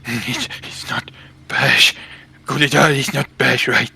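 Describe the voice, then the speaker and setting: A haunted orc warrior, voiced by a man at the table speaks slowly, with a rough, gravelly rasp. His tone is tense and sharp, and he stumbles over his words as he goes. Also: medium pitch, steady tone, heavily acted. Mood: anxious. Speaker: player.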